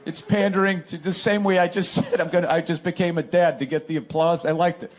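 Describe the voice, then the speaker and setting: A man's voice: on the high side, steady tone, a little fast. A man joking casually and mocking himself in front of an audience. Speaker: comedian. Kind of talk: joking talk. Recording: live recording with loud audience.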